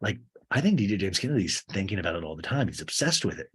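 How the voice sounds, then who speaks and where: A man's voice: low voice, very animated, quick pace, slightly rough. A man hosting a podcast, recapping a TV show in a rambling, crude, wry comic style. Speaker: podcast host. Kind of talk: comedic TV recap.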